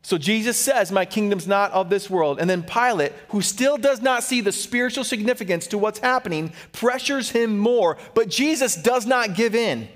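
A man preaching a sermon as a pastor, animated, acting out the Bible figures he quotes. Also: high voice, normal speed, few pauses, long reverb tail.

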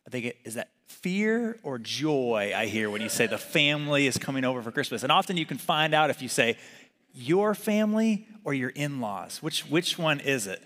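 A man's voice: mid-range voice, big pitch swings, normal speed, a bit bright. A man preaching a sermon in a conversational way, asking the congregation to repeat words after him. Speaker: pastor. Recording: long hall reverb.

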